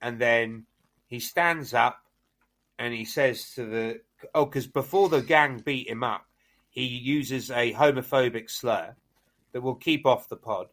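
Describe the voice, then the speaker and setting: A man with a mid-range voice co-hosts a film podcast, slowly retelling a plot in casual chat. He is animated, and his speech is full of fillers and restarts.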